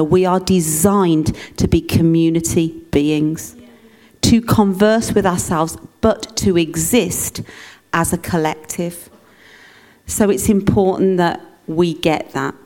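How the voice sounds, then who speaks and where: A woman's voice: fairly low pitch, steady tone, slow, a little mellow. A woman preaching a conversational sermon in church, teaching with humour and playful asides.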